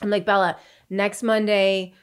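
A woman's voice: mid-range voice, little pitch movement, unhurried, clear, resonant tone. A woman co-hosting a podcast, telling a playful story in casual chat. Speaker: podcast co-host.

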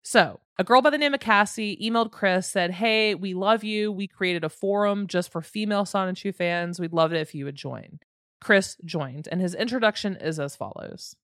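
A woman's voice: medium pitch, normal speed, a bit bright, no room sound, studio quality. A woman hosting a podcast, telling a long story in a candid, wry, conversational way with frequent asides. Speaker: podcast host. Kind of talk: casual storytelling narration.

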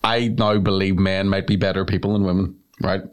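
A man's voice: sits low, a little fast, clear, resonant tone. A man co-hosting a casual comedy chat, jokey and swearing freely. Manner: animated, jokey, swearing, does silly voices. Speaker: podcast co-host.

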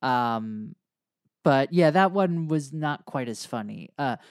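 A man's voice: medium pitch, expressive, takes it slowly, clear, resonant tone, no echo, clean studio sound. An American man co-hosting a podcast, chatting in an easygoing, agreeable way. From United States. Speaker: podcast co-host. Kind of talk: casual chat.

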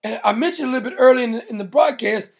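Gravelly, blunt male political ranter. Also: very high voice, racing. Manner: emphatic, mocking, blunt. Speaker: political talk show host. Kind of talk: opinionated political rant.

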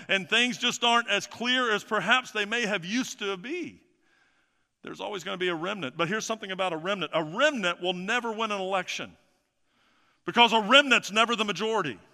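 Pastor, male, bright and slightly high voice, emphatic repeating sermon delivery, long hall reverb. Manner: emphatic, repeats phrases, swings from loud to quiet.

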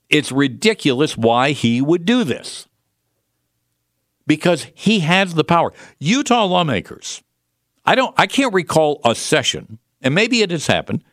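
A man's voice: mid-range voice, sing-song, normal speed, fairly bright tone, no echo. Radio host guy ranting, sarcastic, voice swings up and down a lot, dry studio sound. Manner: combative, sarcastic, mocking imitations. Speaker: radio talk show host. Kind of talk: political talk radio monologue.

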